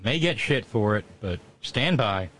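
A man's voice: fairly low pitch, animated, measured pace, fairly bright tone. A man hosting a casual talk show, reading listener notes aloud with sardonic, wry asides.

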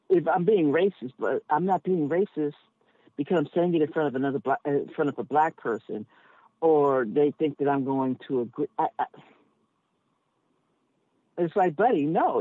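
A woman's voice: low-pitched, dry recording. A woman who drives a cab, talking frankly and emphatically as a podcast guest, thinking aloud with plenty of asides. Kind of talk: candid conversation as a podcast guest. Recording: tinny phone line, dry.

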